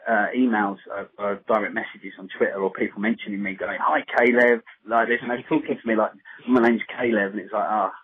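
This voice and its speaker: A man talks easily as a podcast guest, pausing on fillers as he goes. He speaks quickly in a low register, and his voice comes through a narrow, phone-like line. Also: fairly even intonation, breathy edge. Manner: easygoing, hesitant with fillers. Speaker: podcast guest, zombie story writer. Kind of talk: casual chat. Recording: phone-like low-fidelity audio.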